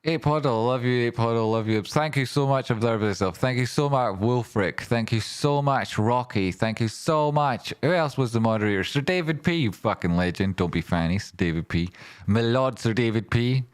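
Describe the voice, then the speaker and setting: A man hosting a casual live stream, reading out viewers' names, swearing, joking and laughing often. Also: normal speed. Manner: swearing, joking, laughing, swings between gruff and high excited. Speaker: livestream host.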